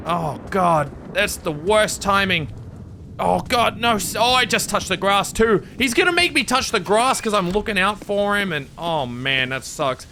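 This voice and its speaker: A man's voice: sits high, lively intonation, unhurried, pushed and bright, a little hiss or hum. A man commenting on his gameplay in a jokey, rambling way, easily startled and prone to yelps. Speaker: gaming video creator.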